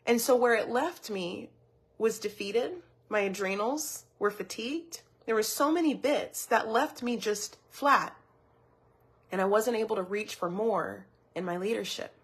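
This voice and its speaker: Woman, wellness coach, motivational teaching talk, breathy slightly high voice, earnest, repeats words. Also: measured pace. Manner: earnest, personal, repeats words while thinking.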